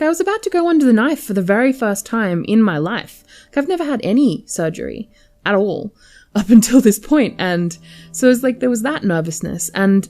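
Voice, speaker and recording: A woman's voice: mid-range voice, warm tone. A young adult woman telling a personal story to camera, candid and chatty with lots of filler words. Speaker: vlogger.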